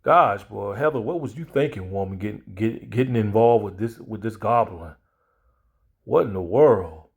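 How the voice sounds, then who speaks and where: A man's voice: on the low side, animated, normal speed, creaky, breathy edge. A man talking in a casual commentary vlog, blunt and rambling, repeating himself and laughing at his own jokes.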